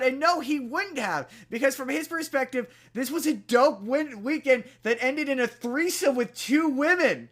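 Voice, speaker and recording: A man's voice: very high voice, normal speed, hardly any pauses, a bit bright. A young man co-hosting a podcast, casually retelling a movie plot with lots of fillers and restarts. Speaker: podcast co-host. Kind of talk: casual chat.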